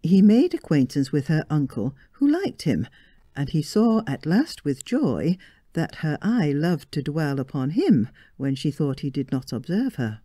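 Female story reader: low, dark voice with a lively, varied pitch, very dry close sound. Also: no room sound. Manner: slow, expressive reading. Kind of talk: reading a story aloud.

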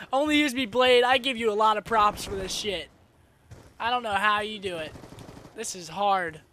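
A young man commentating live over his own shooter match, excitable and swearing, flaring into frustrated outbursts. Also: high-pitched, normal speed. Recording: noisy game sound underneath. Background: game gunfire and effects.

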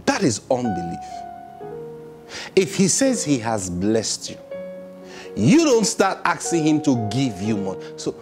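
A man's voice: mid-range voice, very animated, moderate pace, soft background music. A male pastor preaching a sermon, driving points home with emphatic rhetorical questions and acting out prayers in quoted voices. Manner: acts out prayers and replies in quotes.

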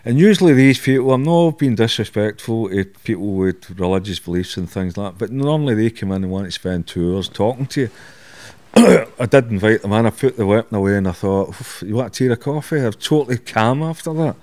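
A man's voice: fairly low pitch, animated, brisk, darkish tone. A middle-aged Scottish man, a podcast guest, telling blunt stories in a candid interview, swearing and laughing at himself.

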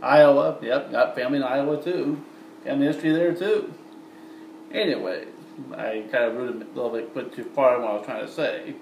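In a lit indoor room, a vlogger from the American Midwest chats rambly to his viewers in a Midwestern accent. His mid-range voice is creaky and darkish, a little fast. The recording sounds distant, with roomy echo, faint ambience, and slight background noise.

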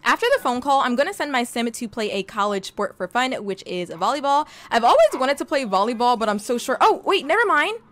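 A young woman giving casual, slangy gameplay commentary, talking straight to her game character and breaking into excited exclamations. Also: a little high, a little fast, few pauses, faint music behind. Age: young adult. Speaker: gaming video host.

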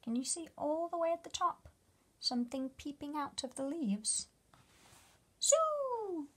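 A woman reading a picture book aloud to children as their teacher, gently asking them questions about the pictures. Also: high-pitched, normal speed. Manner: gentle, asks the listener questions.

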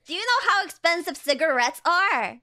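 A woman's voice: very high-pitched, very animated, normal speed, sharp tone, soft background music. A young woman co-hosting a casual comedic stream, giggling often and teasing playfully. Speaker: streamer co-host.

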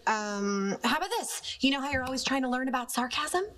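A woman's voice: sits high, brisk, natural voice. An actress playing a patient, coaxing young woman who talks a friend through a problem in a TV clip. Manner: coaxing, easygoing. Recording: TV clip with clear background noise.

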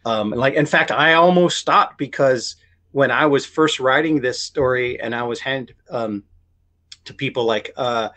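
A male writer rambles through a casual interview, restarting and correcting himself often and voicing other people's quoted words. His medium-pitched voice is bright and forceful, and he speaks unhurriedly.

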